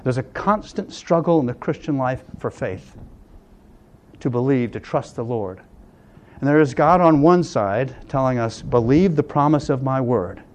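An older man preaching a sermon, earnest, often dropping to a hush on key lines. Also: medium pitch, animated, measured pace. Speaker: pastor.

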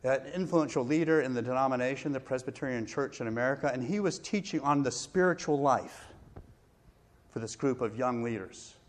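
A middle-aged pastor with a mid-pitched voice delivers a sermon built around a personal story. He tells it with warm pauses and self-deprecating laughs.

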